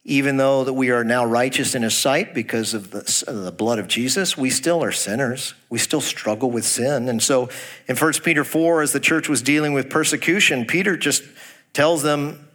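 Folksy pastor preaching a sermon. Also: male voice, mid-range voice, moderate pace, a bit bright. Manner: asks the congregation direct questions; reads scripture aloud.

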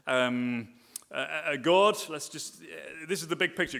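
A man's voice: fairly high pitch, a little slow, vocal fry, a bit bright. A man, a pastor preaching a sermon, with many fillers and restarts that build to emphatic repeated phrases. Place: church hall, live sermon. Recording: long reverb of a church hall.

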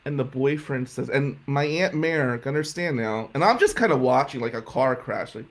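A man telling a comic story in an animated, profane, incredulous way. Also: medium pitch, normal speed. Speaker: stand-up comedian.

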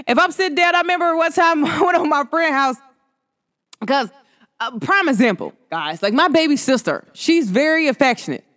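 A woman's voice: high-pitched, lively intonation, moderate pace, fairly bright tone. Chatty, slangy woman talking to listeners. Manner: chatty, slangy, asks listeners many questions; laughs while telling stories. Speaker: podcast host. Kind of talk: casual talk to listeners.

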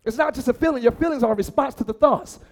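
A pastor delivers a lively sermon in a very high voice, talking fast. He acts out voices and shouts lines for emphasis.

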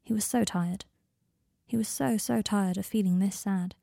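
A woman calmly reading a romance story aloud as its narrator. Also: medium pitch, moderate pace, vocal fry, no room sound, clean studio sound. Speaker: fan fiction reader.

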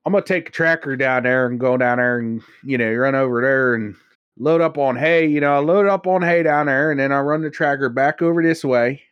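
A man's voice: mid-range voice, fairly quick, smooth, no echo, highs cut off, lightly acted. A man doing a drawling rural farmhand. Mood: easygoing. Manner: broad drawl, partway between a southern drawl and Pittsburgh speech. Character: drawling rural man talking about hauling hay.

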